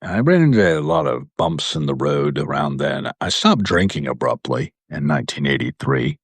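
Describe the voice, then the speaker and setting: A man's voice: rumbling low, very animated, moderate pace, husky, no room sound. A man, hosting a live video and telling rambling personal stories, often correcting himself. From Virginia, US. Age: 60s. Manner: meandering, self-correcting. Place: indoor room in an old building.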